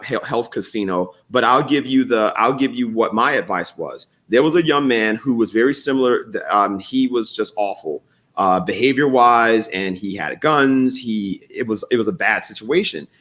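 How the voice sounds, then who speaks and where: A man hosting a morning talk show, telling stories in an animated way, swearing freely and reading viewer comments aloud. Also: medium pitch.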